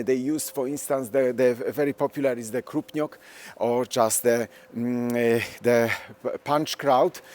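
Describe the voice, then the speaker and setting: A man, a Polish speaker, leads a live walking tour through town streets, filming as he goes. His English comes in broken, hesitant bursts with a Polish accent, full of restarts and searching for words. His pitch sits in the middle of the male range. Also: darkish tone. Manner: hesitant, halting non-native English with many restarts. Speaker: tour guide.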